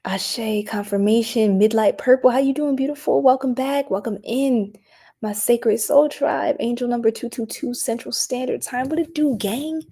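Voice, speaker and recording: A tired woman giving a late-night live stream tarot reading, chatting playfully in slang and often dropping into soft whispers. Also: a little high, moderate pace. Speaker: tarot reader.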